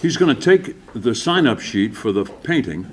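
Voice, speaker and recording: Older man, awards emcee, animated pitch, jovial storyteller, faint hiss behind. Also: moderate pace. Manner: jovial anecdotal storyteller, acts out quotes. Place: banquet room.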